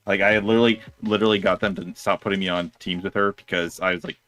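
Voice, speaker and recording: A man's voice: low-pitched, steady tone, quick pace, few pauses, a bit bright. A man co-hosting a casual chat, telling a rambling story and laughing through it. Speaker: co-host of a discussion stream.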